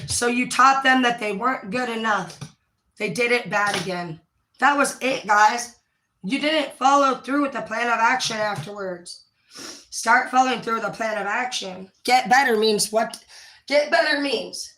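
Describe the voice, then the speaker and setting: A woman talks frankly and swears freely, giving advice and acting out quoted lines. Her voice is bright and a little high. She sits back from the mic in an echoey room. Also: normal speed, recorded from a distance. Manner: candid and profane, acts out quoted voices. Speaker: speaker giving life advice. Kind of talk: casual monologue.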